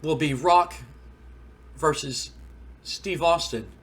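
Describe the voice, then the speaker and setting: A man's voice: a little high, takes it slowly, fairly bright tone, slight background noise. A man doing an impression of a young male wrestling executive laying out a match in a firm, businesslike way.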